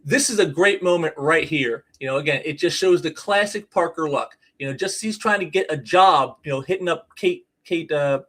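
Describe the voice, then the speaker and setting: Rambling comic-reviewing man, slightly high voice. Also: moderate pace, hardly any pauses, a bit bright. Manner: rambling, many "you know" fillers and restarts. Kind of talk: casual spoken review.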